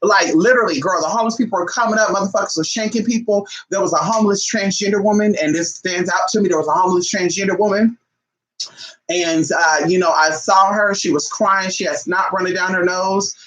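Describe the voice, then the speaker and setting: A woman vlogger telling a story to her viewers in a casual, animated and profane way, calling them "y'all". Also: medium pitch, brisk, poor audio.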